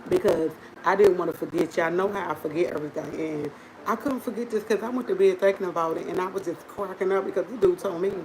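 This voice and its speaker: A woman hosting a livestream, telling a funny story to her viewers in an animated, chatty way and laughing often. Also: lowish voice, fast talker, background noise. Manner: drinks coffee while talking. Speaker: livestream host.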